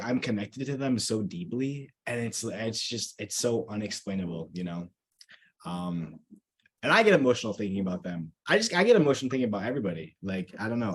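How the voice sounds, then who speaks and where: Excited low-voiced man guest. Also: slightly rough. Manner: excited, emotional, stammering storyteller. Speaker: guest coach. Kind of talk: casual podcast chat.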